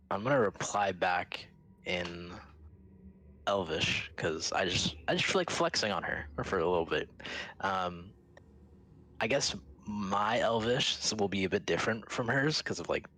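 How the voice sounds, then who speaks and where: A man's voice: sits low, fairly bright tone, rough recording. A man playing in a tabletop game, talking in a rambling, jokey way. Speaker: player. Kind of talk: casual tabletop play.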